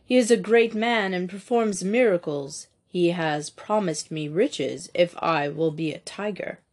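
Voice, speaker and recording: A woman doing a rasping British mechanic. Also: fairly low pitch, a little slow, a little mellow. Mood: devoted. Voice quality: raspy. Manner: stiff, stubborn, chanting. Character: hypnotized British male mechanic, stiff and rasping.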